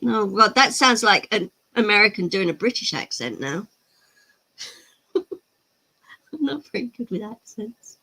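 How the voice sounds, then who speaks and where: Hosting a laid-back miniature-painting stream, a woman answers chat comments and laughs easily. She speaks a little slowly at a medium pitch, expressive, bright, and forceful, with vocal fry and long pauses.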